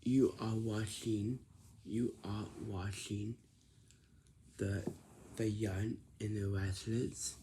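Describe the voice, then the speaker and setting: A man's voice: lowish voice, level tone, very slow, long pauses, mellow, slight background noise. A man giving casual advice in a monologue, repeating himself, restarting phrases and ending points with "right?". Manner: repetitive, instructive, many restarts and tag questions. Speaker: vlogger giving life advice.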